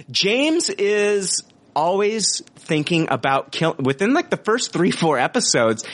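A podcast co-host chats casually and enthusiastically in a review discussion, rambling with frequent restarts and filler words. His voice is a little high and a bit bright.

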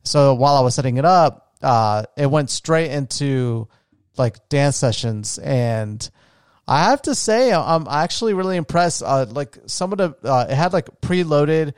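A man's voice: fairly high pitch, animated, unhurried, clean tone, no room sound, clean studio sound. A young man talking casually about his day, rambling with many fillers and restarts. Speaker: vlogger. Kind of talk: casual personal talk.

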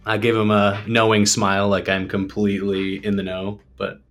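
A man with a fairly low voice playing in a tabletop role-playing game. He talks casually and playfully, laying out what his character does. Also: monotone, normal speed, fairly bright tone. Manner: playful, describes his moves. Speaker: player.

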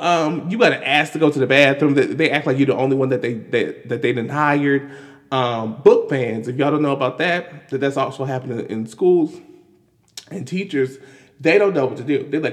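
A man giving casual, animated commentary on news, exasperated and full of restarts and fillers. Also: medium pitch, normal speed. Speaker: commentary vlogger. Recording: long hall reverb.

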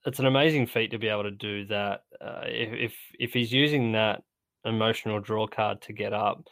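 Male co-host, lowish voice, hesitant casual sports chat, dry close recording. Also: fairly even intonation, a bit bright, no room sound. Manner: hesitant, repeats words, measured. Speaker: golf podcast co-host.

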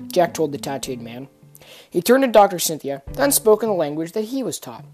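Calm woman narrating a story. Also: fairly low pitch, fairly quick, soft background music.

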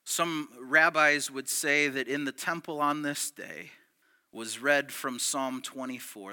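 A male pastor giving a conversational, animated sermon that swings from loud, punchy lines to hushed ones. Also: on the high side, unhurried.

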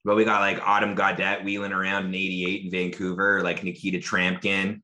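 A man's voice: low voice, level tone, a little fast, few pauses, pushed and bright, roomy sound. A man hosting a casual podcast, chatty and joking as he asks a guest questions. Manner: chatty, hedging with fillers and jokes. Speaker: podcast host. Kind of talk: casual chat.

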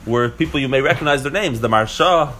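A man's voice: mid-range voice, fast talker, bright, forceful tone, a little hiss or hum. A man giving a casual Torah class to a few listeners, explaining step by step with frequent restarts and rhetorical questions. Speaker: teacher.

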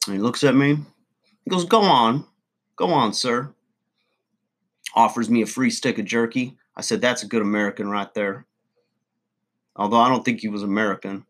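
A man's voice: fairly low pitch, brisk, long pauses, a bit bright. A man, hosting a podcast as a folksy, rambling storyteller in a comic monologue. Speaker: podcast host.

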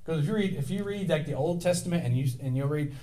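A male pastor preaching a sermon in a conversational, animated way, inviting the congregation to respond. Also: fairly high pitch, fast talker.

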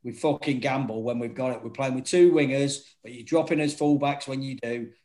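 Man, casual storytelling, swearing, lively quoted voices. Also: mid-range voice, a little fast, rough recording. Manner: swearing, animated, acts out quotes. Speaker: former non-league football manager.

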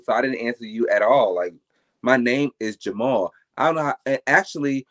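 A man, a podcast guest, telling stories in casual interview chat with a blunt, emphatic and profane manner. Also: medium pitch.

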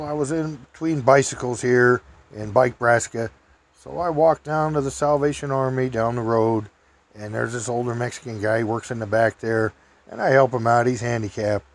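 An older man tells a meandering personal story in a relaxed way, speaking at normal speed. He chuckles often and pitches his voice up high when acting out what other people said.

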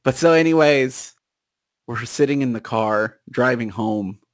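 A young man in casual chat, telling a story in an animated way and acting out his friends' lines. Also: mid-range voice, a little slow, dry recording, clean studio sound.

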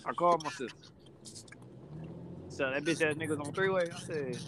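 A man telling a story to friends in a casual chat, slangy, profane and excitable. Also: a little high, moderate pace, noisy background.

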